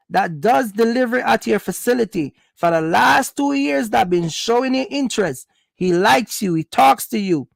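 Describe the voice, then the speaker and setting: Casting: blunt vlogger, high gravelly voice, mocking and scolding. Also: male voice, animated, moderate pace, dry recording. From Jamaica. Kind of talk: opinionated monologue.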